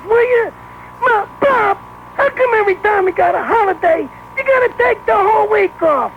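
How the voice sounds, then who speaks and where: A man calling a radio show, doing a loud, wailing comic bit in an exaggerated put-on voice. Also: extremely high pitch, brisk, slight background noise. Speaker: caller. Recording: muffled phone-in call on old radio.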